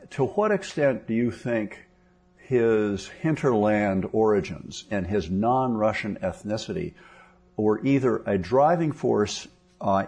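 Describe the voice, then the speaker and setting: A man's voice: lowish voice, a little mellow. A man interviewing an author, asking long questions with many fillers and restarts.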